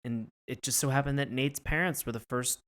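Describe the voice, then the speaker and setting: A man co-hosting a podcast who retells cartoon episodes in animated, casual storytelling and laughs often. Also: mid-range voice, brisk. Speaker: podcast co-host. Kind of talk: casual review chat.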